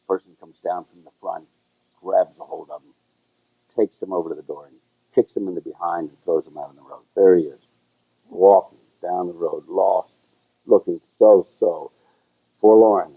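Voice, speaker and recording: A man co-hosting a casual chat, telling a story with lively sung bits. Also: moderate pace, husky. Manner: animated storyteller who sings high "la la" bits. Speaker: show co-host. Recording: tinny, phone-like, lo-fi sound.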